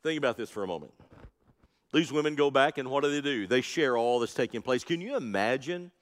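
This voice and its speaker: A man's voice: medium pitch, lively intonation, brisk, long reverb tail. A male pastor preaching an Easter sermon, with rising and falling emphasis and calls out to the congregation. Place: church sanctuary.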